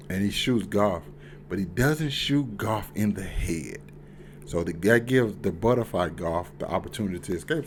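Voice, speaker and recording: Young male reviewer, lowish voice, casual and excitable, heavy swearing, faint background noise. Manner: excitable, profane, swings from mumbling to loud outbursts. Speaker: TV show reviewer.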